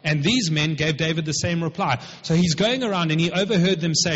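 A male preacher with a fairly high, husky voice explains a scripture passage in a conversational way, stopping often for asides. The sound is dull and lo-fi, and a long echo rings around a large hall. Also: fast talker, hardly any pauses. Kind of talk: sermon, retelling a scripture passage.

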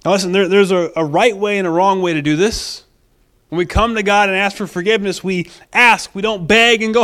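A man's voice: sits high, steady tone, brisk, a bit bright, clean tone. A man pastor preaching a sermon, emphatic, acting out quoted voices and repeating phrases for stress.

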